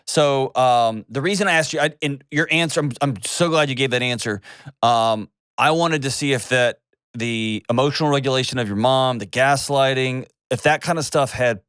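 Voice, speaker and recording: Male advice-show host, mid-pitched, direct and reassuring, dry close studio sound. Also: normal speed, a bit bright, clean tone, no room sound. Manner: direct, reassuring, interrupts to steer.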